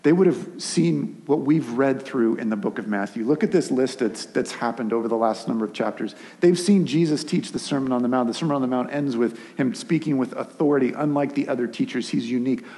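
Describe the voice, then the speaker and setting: A man's voice: mid-range voice, brisk, hardly any pauses. Man preaching in a reverberant hall. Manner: conversational, animated retelling with voiced asides. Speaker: pastor. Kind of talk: sermon. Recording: long reverb of a large hall.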